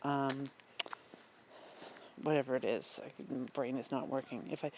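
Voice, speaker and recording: An adult vlogger vents casually to the camera, candid and rambling, full of fillers, restarts, self-interruptions and short laughs, growing louder and more emphatic when indignant. The voice is medium-pitched, steady and unhurried, with background noise.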